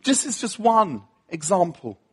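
A middle-aged man preaching with humor, often laughing at his own story. His voice sits high and breathy, and he takes his time. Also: very animated, measured pace, fairly bright tone. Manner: self-deprecating, laughing often, acting out quoted voices.

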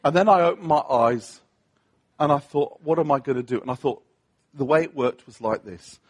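A man's voice: fairly high pitch, normal speed, a little mellow, slightly rough. A middle-aged man preaching a humorous sermon, telling a story against himself, laughing often and acting out the voices of the people in it.

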